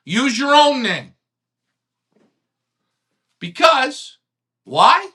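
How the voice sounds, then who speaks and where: Man ranting loudly on a live stream. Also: very high-pitched, a little slow. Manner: ranting, swearing, animated, swings loud to quiet. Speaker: host of a live online pigeon club show. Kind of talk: heated live-stream rant.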